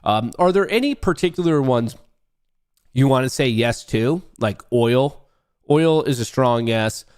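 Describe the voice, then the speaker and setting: Excitable man hosting a rambling livestream. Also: medium pitch, unhurried, clean tone. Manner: excitable, rambling, swears freely, talks to chat. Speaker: livestream host. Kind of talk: casual livestream chat.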